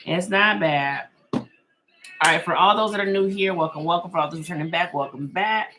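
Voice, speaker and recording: A woman's voice: on the low side, normal speed, a bit bright, a little hiss or hum. A middle-aged woman hosting a casual live-stream tarot reading, chatty and reassuring, reading viewer comments aloud and laughing often.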